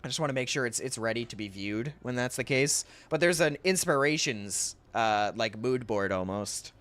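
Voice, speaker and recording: A man's voice: medium pitch, animated, moderate pace, a bit bright. A young man streaming while he draws, rambling casually to chat, reading messages aloud and often laughing.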